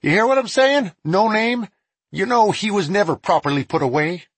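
A brash, excitable frontier deputy with a loud, raised voice, played by a male reader. The voice is pitched up and swings widely. The sound is husky and close. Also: moderate pace, no room sound, heavily acted.

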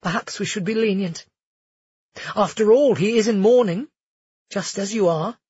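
A man voicing a fierce, sharp-tongued young woman in an audiobook, defiant and commanding. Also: high voice, moderate pace, slightly rough, dry recording, lo-fi sound, pitched above the performer's own voice. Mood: urgent.

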